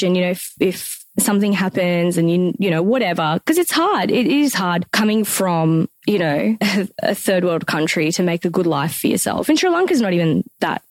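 A woman's voice: medium pitch, no echo. A woman co-hosting a podcast, chatting casually and telling a long story, laughing often and swearing freely. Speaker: podcast co-host. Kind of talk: casual chat.

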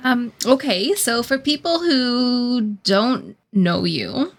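Woman interviewer, higher voice, playful, laughs easily. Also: animated, slow pace. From Canada. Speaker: interview host. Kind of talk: casual interview chat.

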